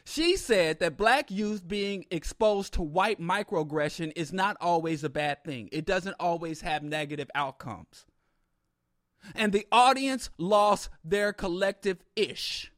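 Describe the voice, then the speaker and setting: A man telling a humorous story in an animated, comic way with exaggerated asides. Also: high voice, takes it slowly, dry recording, studio quality.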